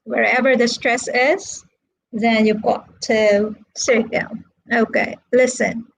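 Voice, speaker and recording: Woman, English teacher, live online class, slow and patient, fairly high voice, keeps checking in with students. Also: steady tone, creaky, slight background noise, rough recording. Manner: slow, patient, checks in with frequent "okay" and "right". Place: home setup for a live-streamed online lesson.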